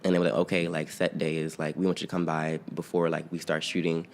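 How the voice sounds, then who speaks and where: A young man with a very deep, low-pitched voice talks through a casual sit-down interview. He rambles in a relaxed way, stacking fillers and restarts, and often breaks into laughter mid-story. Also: quick pace, a little hiss or hum. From outskirts of Philadelphia. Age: young adult. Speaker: interview guest, singer-songwriter and producer.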